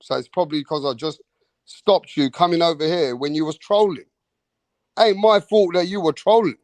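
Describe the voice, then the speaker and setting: A man's voice: on the high side, normal speed, a little mellow, no echo. A man, hosting a live online show, ranting in an exasperated, profane way and repeating "bro" and "man". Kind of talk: heated live-stream rant.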